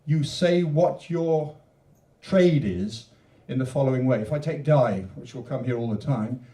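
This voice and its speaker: A man's voice: medium pitch, unhurried, dark tone. A man reading his own poems at a literature event, with rambling, joking asides between poems and a rhythmic, emphatic recitation. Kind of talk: poetry reading with chatty introductions. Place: literature event venue, indoors. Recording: echoey room recording from a distance.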